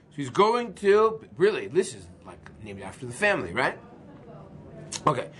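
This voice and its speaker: A man rabbi teaching an informal class, lively and quizzing the class, often acting out voices. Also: high-pitched. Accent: Canadian. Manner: lively, acts out voices, asks the class questions.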